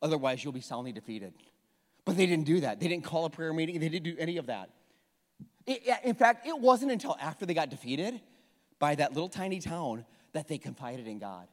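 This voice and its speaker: A pastor in his forties preaching a sermon, animated and joking as he acts out the people in the story. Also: on the high side, a little fast. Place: church hall. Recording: long reverb of a church hall.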